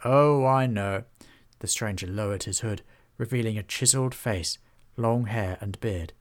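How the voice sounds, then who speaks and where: A man narrating a children's fantasy storybook in a steady, even manner. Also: on the low side, normal speed.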